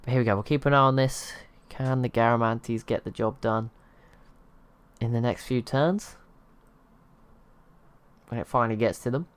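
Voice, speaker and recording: A man's voice: mid-range voice, fairly even intonation, moderate pace, pauses often, smooth. A man hosting his gaming channel, giving casual, rambling commentary over strategy gameplay and laughing at himself. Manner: rambling, self-deprecating, chuckles at himself.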